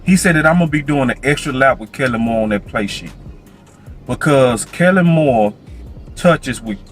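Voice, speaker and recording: A male sports commentator with a lively voice that swings up and down in pitch. He sounds playful and animated, at a mid pitch. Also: normal speed, faint music behind. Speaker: sports show host.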